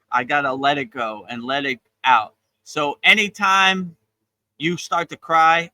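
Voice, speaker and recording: Bright-voiced man teaching with relaxed encouragement. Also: fairly high pitch, no echo, rough recording. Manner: relaxed, encouraging, repeats phrases. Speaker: spiritual teacher. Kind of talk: casual spiritual talk. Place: outdoors on a beach.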